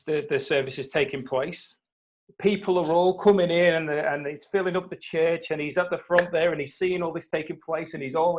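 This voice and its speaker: Man, host on a video call, fairly high voice, animated storytelling. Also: poor audio. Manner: animated retelling with acted quotes. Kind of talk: casual storytelling on a live call.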